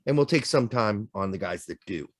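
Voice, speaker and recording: A man's voice: lowish voice, lively intonation, brisk, no room sound, studio quality. A man co-hosting a podcast in casual chat, joking around and swearing freely. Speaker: podcast co-host.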